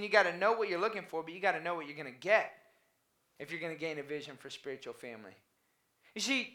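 Male pastor, bright and forceful delivery, casual storytelling sermon, echoey church room. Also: high voice. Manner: conversational, anecdotal preaching with dad jokes.

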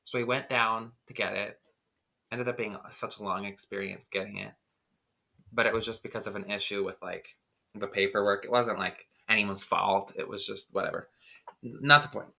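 A man's voice: lowish voice, moderate pace, vocal fry. A man co-hosting a podcast, telling a rambling story in casual chat with lots of filler words. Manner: rambling, filler-heavy, animated retelling. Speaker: podcast co-host.

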